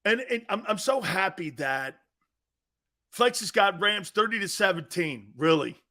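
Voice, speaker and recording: A man's voice: high voice, expressive, measured pace, bright, forceful tone. A man hosting a live sports talk show, brash and trash-talking, reading out listener comments and laughing often.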